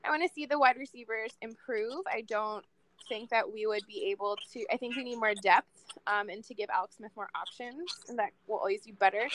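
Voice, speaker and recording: A woman's voice: fairly high pitch, fairly quick, a bit bright, slight background noise. A woman in her late twenties in casual podcast chat, a candid sports fan who swears freely.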